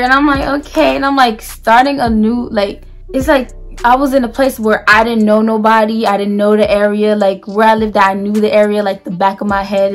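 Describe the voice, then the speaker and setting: A young woman from New Jersey telling a personal story in a casual storytime vlog, chatty and full of "like"s and restarts. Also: on the high side. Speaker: vlogger.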